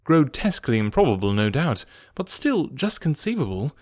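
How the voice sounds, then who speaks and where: An earnest, slightly tentative male companion voiced by a man, raised a little in pitch. The delivery is close and dry. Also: sing-song, normal speed, a little mellow, no echo.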